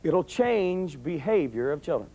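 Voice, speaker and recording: Speaking a little slowly in a mellow, fairly high voice with big pitch swings, a middle-aged man gives a live audience a folksy, funny talk about parenting. He's a police sergeant who performs different voices as he tells stories.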